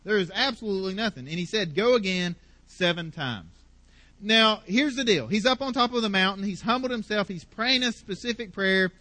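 A pastor delivering a sermon in a high, bright, forceful voice. He preaches with passion and builds his points through emphatic repetition. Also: brisk, few pauses.

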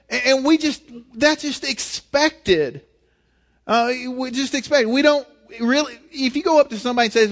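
A man's voice: very high voice, normal speed. A man preaching a sermon in an earnest, conversational way, often restarting his sentences. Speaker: pastor.

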